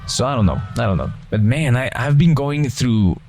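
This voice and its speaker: A man's voice: medium pitch, animated, moderate pace, darkish tone, slight background noise. A young man with a foreign accent, talking casually over gameplay in a rambling way, restarting sentences and drifting between tangents. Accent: non-native English, foreign accent. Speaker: gaming channel co-host.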